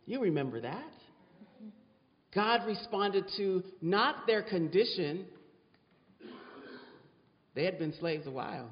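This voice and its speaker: Guy preaching in a big echoey church, dull muffled sound, goes real slow and dramatic. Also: high voice, expressive. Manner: dramatic preaching, repeats words for effect. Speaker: pastor. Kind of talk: sermon. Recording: dull sound with long hall reverb.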